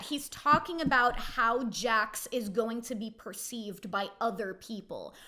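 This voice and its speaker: Woman host, reality recap; bright, slightly high voice; chatty, opinionated, filler-heavy delivery. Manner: chatty, frequent "like", quotes cast members in mocking voices.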